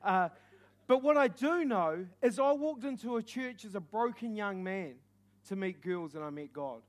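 Kiwi preacher guy, high voice, jokey and animated, yells now and then. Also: moderate pace. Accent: New Zealand. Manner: animated, joking, shouts in bursts. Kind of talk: sermon with stories.

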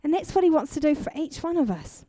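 A young woman preaching a sermon, telling a personal testimony in an animated way and building to fervent exhortation. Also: high voice, fast talker, dry recording. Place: church.

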